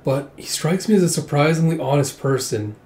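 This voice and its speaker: A man's voice: fairly high pitch, animated, a little fast, darkish tone. A man casually reading through a comic aloud, retelling panels with lots of fillers. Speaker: comic readthrough host. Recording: roomy echo.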